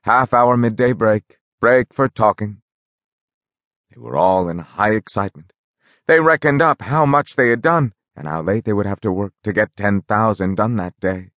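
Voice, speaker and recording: A man narrating a novel in a measured, even storytelling manner on a close studio mic. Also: on the low side, dry recording. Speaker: audiobook narrator.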